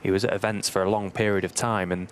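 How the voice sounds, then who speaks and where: A man who once played the sport, giving measured, analytical commentary. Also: low-pitched, flat delivery, slight background noise.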